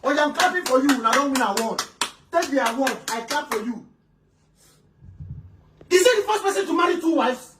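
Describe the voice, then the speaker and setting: A woman playing an exasperated female relative who scolds two quarrelling wives, shouting and stammering repeats. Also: high-pitched, lively intonation, moderate pace, long pauses, noisy background. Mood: scolding. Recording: roomy room, voice from a distance.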